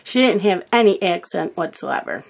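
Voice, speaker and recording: A woman's voice: lowish voice, animated, moderate pace, creaky. A woman telling a rambling family story in casual chat while she colors, sometimes losing her words. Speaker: coloring video host.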